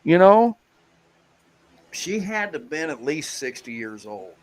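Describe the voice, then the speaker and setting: A man's voice: mid-range voice, sing-song, normal speed, a bit bright, no room sound. A man on a live stream, telling rambling road stories in a casual chat, full of fillers and restarts. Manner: rambling storyteller, lots of "you know" fillers. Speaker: guest biker.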